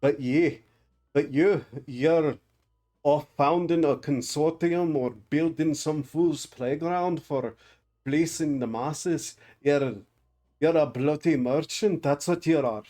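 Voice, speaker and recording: A streamer voicing a crude, hard-drinking male craftsman who sneers at the rich, in a put-on rough accent. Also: mid-range voice, fairly even intonation, slow pace, warm tone, lightly acted. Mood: scornful.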